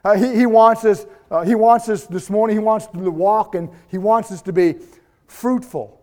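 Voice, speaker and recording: A man's voice: high voice, moderate pace, mellow. A man preaching a sermon as pastor, fervent and emphatic.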